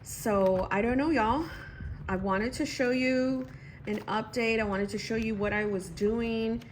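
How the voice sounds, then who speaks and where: A woman in her thirties chatting casually at home about her planner, excitable and talking to herself as she goes. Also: on the high side, a little slow, a little hiss or hum, rough recording. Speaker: planner vlogger. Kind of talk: casual chat.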